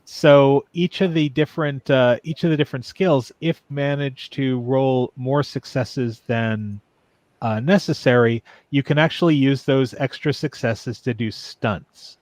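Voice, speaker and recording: A man's voice: mid-range voice, unhurried, darkish tone, no echo. A man running a tabletop game as game master, explaining the rules patiently with frequent ums and restarts.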